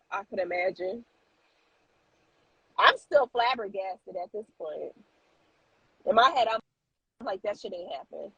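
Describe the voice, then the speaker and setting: A woman co-hosts a loose podcast conversation. Her voice sits high with a husky edge, and she tells the story in animated bursts with plenty of fillers. The sound is close and dry. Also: no echo, muffled recording. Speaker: co-host. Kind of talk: casual podcast chat.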